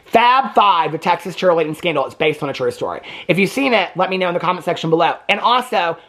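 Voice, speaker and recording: A man's voice: high voice, lively intonation, quick pace, fairly bright tone. A man giving a casual, gossipy recap of a movie as a reviewer, chatting with asides and laughs.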